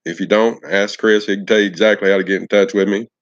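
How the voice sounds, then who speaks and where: A man's voice: fairly low pitch, flat delivery, quick pace, muffled recording. A man chatting on a casual live stream, folksy and affectionate, greeting viewers by name.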